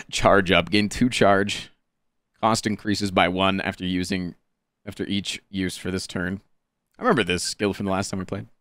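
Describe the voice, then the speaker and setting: A man streaming a card game, reading card text aloud and reacting with animated, profane commentary. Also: low voice, moderate pace, no echo. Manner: animated and profane, swinging between flat card reading and excited outbursts.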